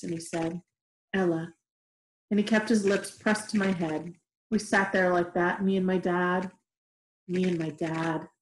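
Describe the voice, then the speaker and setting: A woman reading a novel aloud in a steady, gentle way, in an echoey room. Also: lowish voice, a little hiss or hum. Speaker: reader. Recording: roomy echoey room recording.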